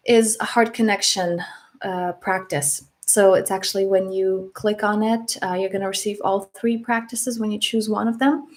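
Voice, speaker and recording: Female self-development coach, medium pitch, gentle and unhurried reassuring tone. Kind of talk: guided reflection talk.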